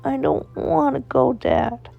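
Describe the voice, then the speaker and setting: Scared little sick boy, whiny and pleading, high and thin, as a woman voices him; gravelly, dull low-fi storybook reading. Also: fairly even intonation, slow pace, no room sound, soft background music, heavily acted.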